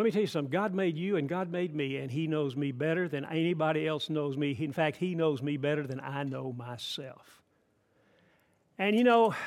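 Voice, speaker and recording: An older man from Atlanta, preaching a sermon in a folksy, emphatic way with asides to the congregation. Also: fairly high pitch. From Atlanta, Georgia. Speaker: pastor.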